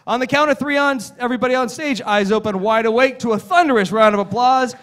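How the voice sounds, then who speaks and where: A stage hypnotist with a high, bright voice. He works a live stage microphone, giving commanding, repetitive suggestions and breaking into laughter between them. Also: quick pace, few pauses, a faint crowd. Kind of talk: live hypnosis show patter. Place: conference stage before a live audience. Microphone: stage microphone, audience not mic'd.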